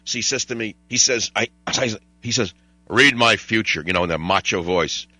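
A man's voice: on the low side, brisk, sharp tone, breathy edge, no room sound. An older man hosting a talk radio show, rambling wryly through stories and chatting with callers. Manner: digressive, wry, mimics voices and jokes with callers. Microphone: studio microphone.

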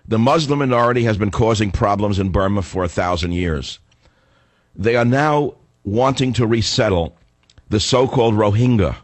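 A hoarse man hosting a radio talk show, delivering a combative, ranting monologue. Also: on the low side, dry recording. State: hoarse from a cold.

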